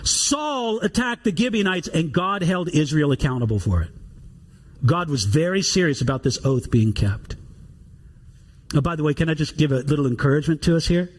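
A man preaching a sermon, reading scripture aloud and explaining it in an animated way. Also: a little high, moderate pace. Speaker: pastor.

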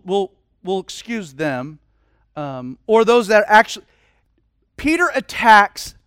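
A man preaching a sermon in a casual, animated way, with humorous asides. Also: high voice, no room sound, studio quality. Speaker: pastor.

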